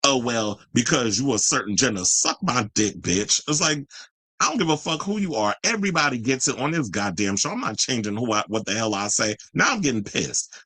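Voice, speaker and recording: A man's voice: medium pitch, bright, forceful tone, no room sound, low-quality recording. Profane, combative man hosting a commentary stream. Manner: talks straight to viewers and chat comments. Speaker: host of a pop culture commentary channel. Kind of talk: livestream commentary rant.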